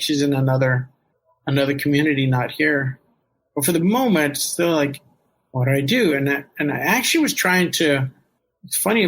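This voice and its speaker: Husky man telling a personal story. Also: on the high side, a bit bright, poor audio. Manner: candid, rambling, emotional, with laughs and profanity. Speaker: storyteller guest.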